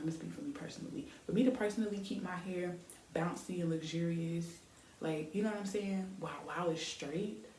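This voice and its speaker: A young beauty vlogger styles her hair on camera, chatting in an easygoing, rambling way packed with fillers. Her voice is a little low and mellow, and the echoey room carries a faint hiss.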